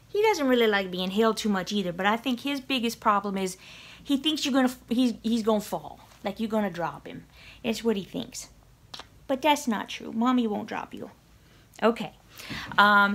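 A woman's voice: on the high side, fairly bright tone. A young woman chatting through an unboxing at home, gushing and giggling, cooing and whispering to her cats. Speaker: vlogger unboxing a subscription box. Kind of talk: casual unboxing vlog chatter.

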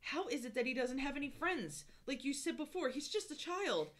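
A woman reading aloud the lines of a stern, scolding young woman from a book, a little louder than her usual voice. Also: high voice, very animated, moderate pace, pitched above the performer's own voice.

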